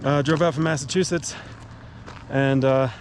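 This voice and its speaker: Narrating an outdoor hiking vlog, a young thru-hiker rambles in an easygoing, filler-heavy manner. His voice is medium in pitch with a steady tone and normal speed. He's on a mountain trail near a highway, and the audio picks up outdoor noise, traffic and wind.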